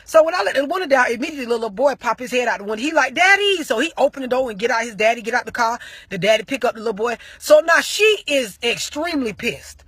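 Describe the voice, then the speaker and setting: A woman vlogger telling a story as an animated rant, full of slang and heavy profanity. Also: a little high, fast talker, hardly any pauses, breathy edge, no echo, clean studio sound.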